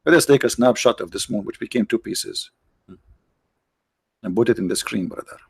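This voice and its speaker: A man's voice: on the low side, moderate pace, creaky, breathy edge. A man hosting a livestream, giving mocking, sarcastic religious debate commentary in broken English. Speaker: livestream host.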